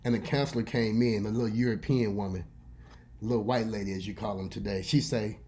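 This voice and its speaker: Mellow-voiced preachy man telling a story. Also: fairly low pitch, quick pace. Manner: preachy, folksy, animated storyteller. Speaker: vlogger and radio host. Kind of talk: casual storytelling monologue.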